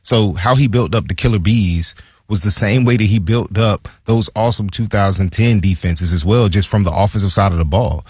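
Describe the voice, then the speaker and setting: Low, husky man, casual guest storyteller, animated, dry close sound. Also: moderate pace, no room sound. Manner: animated, acts out quoted dialogue. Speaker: former pro football player, guest.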